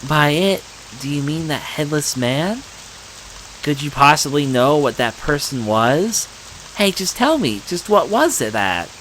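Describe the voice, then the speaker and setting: A man's voice: on the high side, sing-song, a little slow, fairly bright tone, a little hiss or hum, poor audio. A man putting on a teasing, pushy mystery girl. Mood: probing. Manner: teasing, forward.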